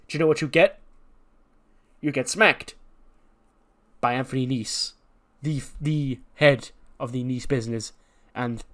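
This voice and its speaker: A man's voice: medium pitch, lightly acted. A man voicing a cocky male cruiserweight wrestler who boasts and trash-talks.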